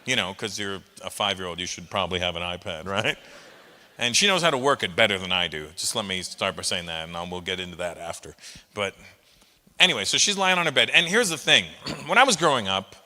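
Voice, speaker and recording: A middle-aged man doing a stand-up comedy set, animated and breaking into loud shouted impressions. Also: sits low, a little fast. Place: live comedy venue with an audience. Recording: long reverb of a large hall.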